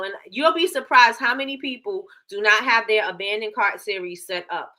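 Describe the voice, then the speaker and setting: A woman hosts a casual live business show, chatting and repeating phrases as she reads stats aloud. Her voice is a little high, pushed and bright, and she talks fairly quickly with few pauses.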